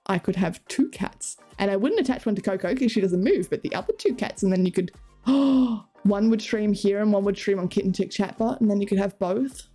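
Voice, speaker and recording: A woman's voice: medium pitch, a little fast, warm tone, faint music behind. A woman streamer chatting casually and giggling as she reads chat and talks to her cats.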